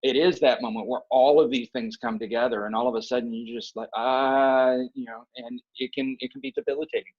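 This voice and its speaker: A university director of bands, appearing as a podcast guest, gives earnest, emphatic advice in conversation, often checking in with "okay?" and "right?". He speaks briskly with few pauses in a mid-range voice with fairly even intonation, and the recording sounds muffled.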